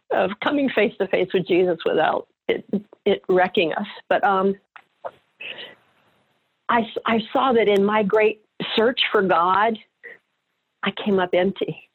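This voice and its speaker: A woman's voice: medium pitch, breathy edge. A middle-aged actress telling her personal story in an interview, earnest and emotional. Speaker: actress guest. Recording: phone-line sound.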